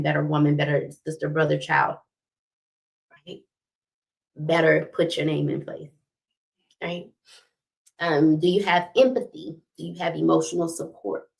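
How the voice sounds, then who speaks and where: Middle-aged woman, gravelly low voice, preachy relationship talk, repeats points, keeps asking "right?". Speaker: host of a relationship talk stream. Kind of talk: motivational talk with faith references.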